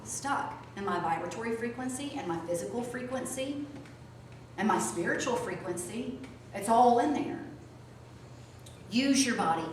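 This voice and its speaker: A woman teaching a small group, swinging from soft asides to loud outbursts. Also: medium pitch, lively intonation, a little slow, long pauses. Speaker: spiritual teacher. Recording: echoey room from a distance, faint noise.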